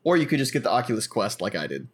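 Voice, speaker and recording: This podcast co-host is a young man with a lowish, sing-song voice that races along and sounds slightly rough. Chatting casually, he eagerly explains gear in great detail.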